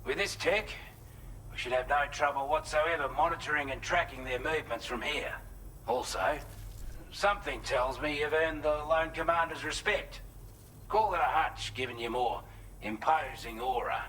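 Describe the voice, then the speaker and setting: Blunt aussie radio contact in a game, bright pushy voice, faint background hum. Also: male voice, on the high side, moderate pace, low-quality recording. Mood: briefing. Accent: Australian. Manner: blunt, salty, conversational briefing. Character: gruff Australian male radio contact, blunt and matter-of-fact.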